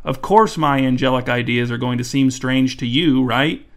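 A man's voice: mid-range voice, normal speed, natural voice. A man playing a serene, cryptic woman. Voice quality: calm, assured. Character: serene, cryptic woman handing out angelic ideas.

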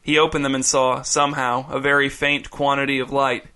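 A man narrating a story in a measured, even audiobook style. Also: mid-range voice, clean tone.

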